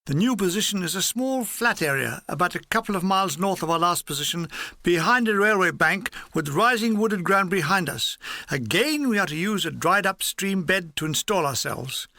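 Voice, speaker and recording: A man reading his own war memoir aloud in a dry, wry, deadpan manner. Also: high voice, moderate pace, no room sound. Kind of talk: audiobook reading.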